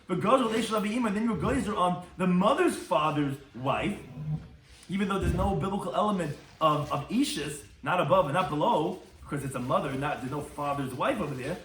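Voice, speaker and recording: A man's voice: sits high, fairly bright tone, echoey room, distant mic, slight background noise. A man, a rabbi, giving a Talmud lecture and translating Hebrew and Aramaic terms as he goes. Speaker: rabbi teaching a daily Talmud class.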